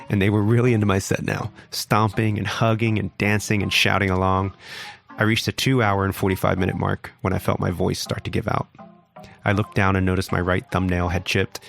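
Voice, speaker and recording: A man's voice: low voice, vocal fry. A man casually narrating a wild story as a podcast host, wry and swearing freely.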